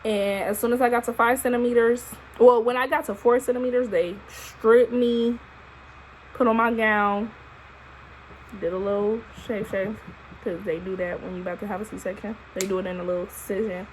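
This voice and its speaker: A young woman, a new mother casually telling her birth story to camera in an expressive, profane way. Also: mid-range voice, normal speed, a little hiss or hum, low-quality recording. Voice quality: expressive, profane, animated retelling. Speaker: vlogger, new mom. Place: at home holding her baby.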